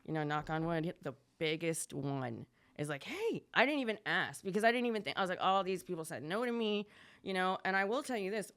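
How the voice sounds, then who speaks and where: In a casual podcast chat, a young adult woman guest shares her story, fast and talkative. Her voice is expressive and a bit bright, with a clear, resonant tone, rising higher as she acts out other people's lines.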